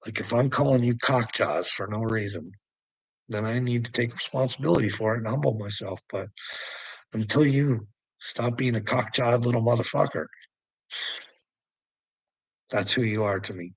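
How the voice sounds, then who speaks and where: A man's voice: mid-range voice, normal speed, long pauses, slightly rough, dry recording, rough recording. Laughing, taunting man, dry close sound. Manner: mocking, laughs constantly between phrases; profane and taunting. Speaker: vlogger. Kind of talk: rambling solo monologue.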